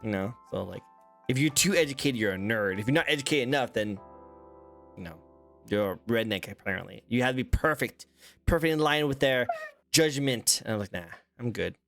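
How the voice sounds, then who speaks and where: Male host, casual and encouraging, animated intonation, faint music bed. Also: mid-range voice, fairly quick. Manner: easygoing, laughing, encouraging. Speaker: interview host. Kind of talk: casual interview chat.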